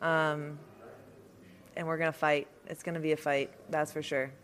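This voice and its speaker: A woman's voice: low voice, little pitch movement, moderate pace, a little hiss or hum. A young woman fighter answering interview questions in a laid-back, playful way. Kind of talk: casual interview.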